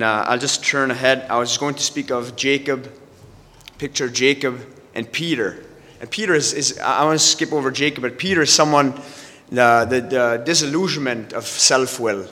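A man preaching a sermon, halting and restarting often as he quotes scripture. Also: mid-range voice, sharp tone. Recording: long hall reverb.

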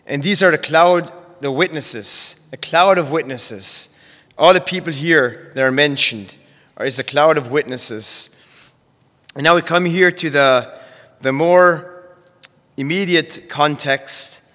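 A man teaching a sermon on Bible verses, measured and careful, often repeating and restarting phrases as he explains. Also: fairly high pitch, sharp tone. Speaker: preacher. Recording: long hall reverb.

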